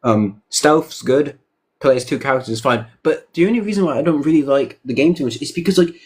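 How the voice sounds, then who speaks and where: A man's voice: on the high side, fairly quick, darkish tone, slightly rough. A man in casual podcast chat, opinionated and emphatic, with frequent "you know" asides. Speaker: podcast co-host.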